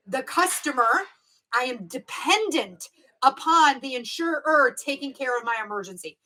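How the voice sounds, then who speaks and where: A woman from the United States teaching a live-streamed exam review. Her voice sits high and bright. She leans hard on key words and repeats them so the difference sticks. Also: animated, moderate pace, rough recording. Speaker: exam prep instructor.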